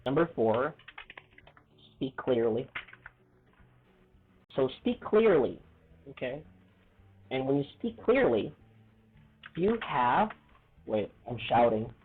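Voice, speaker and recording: Male English teacher, chatty and repetitive; husky voice, phone-like audio. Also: mid-range voice, big pitch swings, takes it slowly, pauses often. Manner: chatty, repeats himself, asks "okay?" and "right?" often. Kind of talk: casual video lesson. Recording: tinny phone-like sound.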